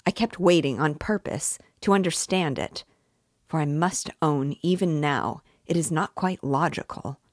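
A man's voice: on the high side, measured pace, dry recording, clean studio sound, close to an everyday voice. A woman reading aloud as an angry, short-sighted young man who insists hotly and repeats himself. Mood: indignant, heated.

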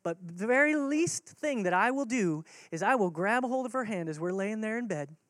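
A man's voice: sits high, expressive, normal speed, fairly bright tone, dry recording, clean studio sound. A man preaching a sermon as pastor, earnest and conversational, repeating key words for emphasis.

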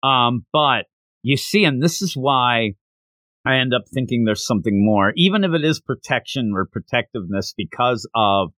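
A man co-hosting a casual chat about a manga, animated and acting out characters' lines as he goes. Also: medium pitch, moderate pace, no echo.

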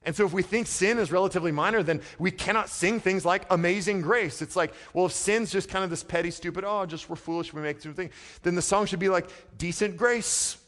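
A man preaching a sermon as pastor, talking in a conversational way and swinging from quiet, low passages to loud, emphatic ones. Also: quick pace, hardly any pauses. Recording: long hall reverb.

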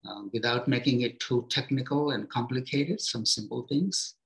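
Unhurried man giving a spiritual talk. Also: mid-range voice, low-quality recording. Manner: gentle, unhurried, speaks in short phrases with pauses; simple everyday comparisons, encouraging tone. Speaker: spiritual teacher.

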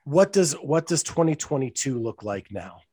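A man's voice: medium pitch, very animated, moderate pace, mellow, breathy edge. A man interviewing a coach in a casual, friendly way, prompting him with questions.

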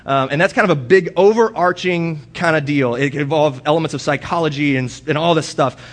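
A young man giving a casual sermon in a church, telling personal stories and mimicking arguments in a raised voice. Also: brisk. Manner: animated storytelling, mimics quarrels in a high voice. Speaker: guest speaker. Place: church hall.

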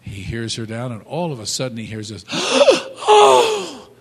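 A man telling a motivational story in a halting, animated way, with many restarts. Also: on the low side. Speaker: speaker. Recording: long hall reverb.

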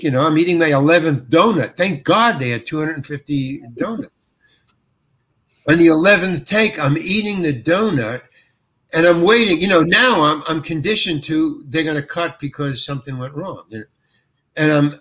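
A middle-aged man telling a story as an interview guest, acting out the quoted lines. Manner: animated, acts out quoted lines with jumps in pitch. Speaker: actor guest. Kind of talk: anecdotal storytelling.

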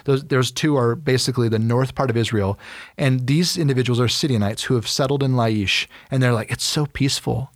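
A man hosting a casual podcast, retelling a Bible story in an animated way and acting out its characters in quick casual voices. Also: medium pitch, no echo, clean studio sound.

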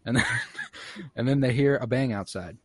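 Male podcast host, casual and sweary, dry mic, mid pitch. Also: unhurried, slightly rough, no room sound. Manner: profane, animated retelling with quoted voices. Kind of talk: casual recap chat.

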